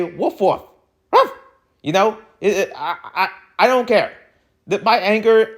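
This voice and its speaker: A young man hosting his own channel, ranting in an exasperated, animated way that swings between loud outbursts and low muttering. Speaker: webtoon reading channel host. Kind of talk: ranting to camera.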